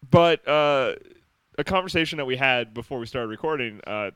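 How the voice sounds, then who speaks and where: A man co-hosting a podcast in casual chat, laughing often and acting out quoted lines in a higher voice. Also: lively intonation, normal speed, a bit bright, smooth, no room sound. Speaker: podcast co-host.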